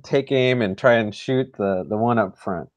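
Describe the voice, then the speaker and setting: A man in the middle of a tabletop game, his voice plainly pitched. He feels his way through each choice in a tentative, think-aloud way. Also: normal speed. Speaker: player. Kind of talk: casual tabletop play.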